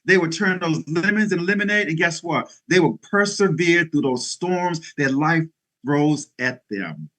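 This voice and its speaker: A man's voice: fairly high pitch, lively intonation, measured pace, fairly bright tone. A middle-aged man giving an interview as a guest speaker, talking in an emphatic, preacherly way with bursts of energy. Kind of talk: motivational interview talk.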